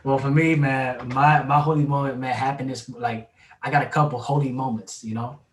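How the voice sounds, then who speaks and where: A man tells stories in slangy, animated casual talk. His voice sounds roomy and set back from the mic. Faint background noise runs beneath it. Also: medium pitch, moderate pace, distant mic. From New York. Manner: animated, slangy storytelling with laughs. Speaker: podcast co-host. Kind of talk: casual chat.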